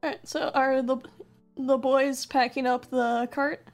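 A woman playing a tabletop game, brisk and no-nonsense as she moves things along. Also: high voice, fairly even intonation, vocal fry, soft background music. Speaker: player. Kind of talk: casual tabletop play.

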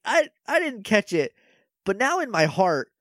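A man co-hosts a podcast, chatting casually as he recaps an episode. His pitch swings widely while he acts out the characters' lines in playful voices, and the recording sounds close and dry. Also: very animated, unhurried, pushed and bright, dry recording. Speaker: podcast co-host. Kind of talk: casual chat recapping a show.

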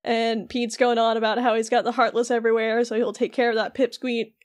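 A woman's voice: fairly high pitch, a little fast. A woman co-hosting a podcast, casually recapping a video game and acting out the characters' lines. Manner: animated storytelling, acting out characters' lines with bits of laughter. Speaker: podcast co-host.

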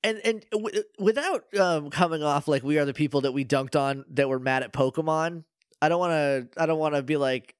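A man's voice: on the high side, fairly quick, smooth, no room sound. Chatty man on a dry close mic. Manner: animated, laughing, quotes game characters in little voices. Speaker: podcast co-host. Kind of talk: casual chat.

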